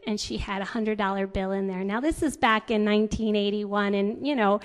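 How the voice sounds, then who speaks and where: A woman's voice: mid-range voice, steady tone, brisk, hardly any pauses, clean tone. A woman in her fifties giving a talk on raising children, chatty, telling stories with many fillers and restarts. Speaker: parenting speaker.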